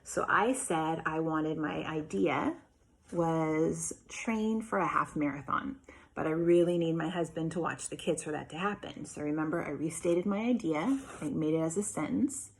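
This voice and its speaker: A woman teacher, probably in her thirties, giving a remote lesson to young children, patiently and clearly sounding out letter sounds. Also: sits low, normal speed. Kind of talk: remote phonics and writing lesson.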